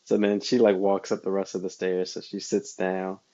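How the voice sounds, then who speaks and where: A man co-hosting a podcast, telling a story about his daughter in an animated way and laughing often. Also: sits low, normal speed, dull audio. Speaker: podcast co-host. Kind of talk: casual chat.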